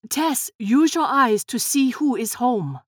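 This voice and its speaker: A woman's voice: sits high, lively intonation, slow pace, a bit bright, no room sound, studio quality, pitched above the performer's own voice, heavily acted. A woman voicing a firm, helpful adult woman in a storybook, speaking steadily.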